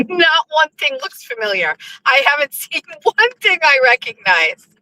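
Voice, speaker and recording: A woman in her fifties chatting casually from a moving vehicle, excitable and laughing, swearing freely. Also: sits high, measured pace, rough recording. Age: 50s. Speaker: vlogger. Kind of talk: casual chat. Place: riding in a vehicle.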